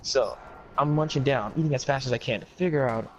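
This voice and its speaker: A man's voice: mid-range voice, fairly quick, muffled recording, a little hiss or hum. A man telling a long comic story in casual chat, rambling and profane, acting out what others said.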